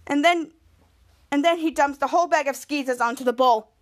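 A woman's voice: sits high, normal speed. A woman hosting a podcast, casually recapping a TV episode in a rambling way, stringing events together with lots of "and then" and restarts. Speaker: podcast host.

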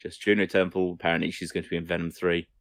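Brief: male podcast co-host, low voice, loose rambling delivery, dry close mic. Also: flat delivery, fast, no room sound. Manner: rambling, swears casually, trails off and restarts sentences. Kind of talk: casual film-news chat.

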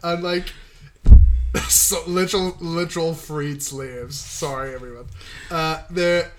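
A man's voice: on the high side, fairly even intonation, measured pace, music in the background. A man in casual chat who jokes, swears freely and laughs often while talking over a film. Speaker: podcast co-host.

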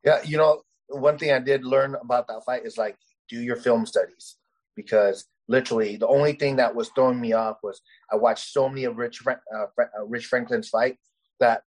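A male guest fighter tells stories in a casual interview, his loose, rambling, conversational delivery stuffed with "you know" and "uh." His voice sits at medium pitch with a steady, darkish tone at normal speed, and the recording quality is low.

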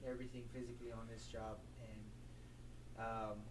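A man's voice: on the low side, level tone, normal speed, noisy background. A man guesting on a casual podcast chat, rambling and earnest, laughing a lot. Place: small home studio.

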